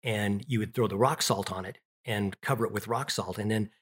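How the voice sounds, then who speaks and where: A man's voice: fairly low pitch, brisk, slightly rough. A middle-aged man telling childhood stories in an interview, rambling with restarts and fillers. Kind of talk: casual storytelling.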